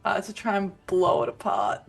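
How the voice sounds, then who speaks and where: A woman's voice: medium pitch, big pitch swings, moderate pace, gravelly, faint music behind. A woman playing in a tabletop game, talking through her turn in a flustered, laughing way. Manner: flustered, self-deprecating, laughing often. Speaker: player. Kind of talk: casual game chat.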